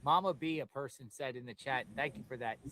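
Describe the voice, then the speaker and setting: A man's voice: mid-range voice, fast talker, a crowd in the background. A man from Florida hosting a livestream, reading viewer comments aloud and responding with agreement. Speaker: livestream host. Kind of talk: livestream chat.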